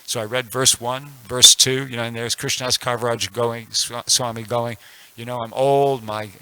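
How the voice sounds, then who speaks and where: A man's voice: medium pitch, steady tone, normal speed, pushed and bright, clear, resonant tone, no echo, poor audio. A man in his sixties giving a casual scripture class at a temple, telling a personal story with many restarts and fillers. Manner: rambling, frequent restarts and fillers.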